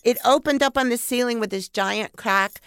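A middle-aged woman who is a podcast guest, telling a story in a casual, animated way and swearing freely. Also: on the high side, normal speed, smooth, no room sound, studio quality. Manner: animated, profane, acts out her inner voices. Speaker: podcast guest, paranormal investigator.

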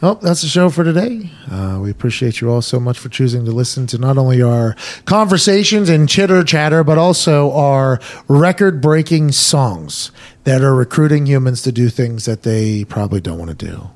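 A man's voice: medium pitch, moderate pace. A man hosting a sports talk show in casual, joking chat. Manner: joking, animated, hamming it up.

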